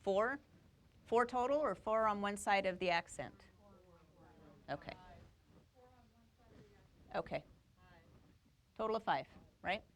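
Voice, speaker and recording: A woman's voice: medium pitch, lively intonation, slow, pauses often. Woman teaching quilting to a class, step by step, keeps asking if they follow. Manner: explains step by step, checks in with the class. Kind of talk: live classroom demonstration.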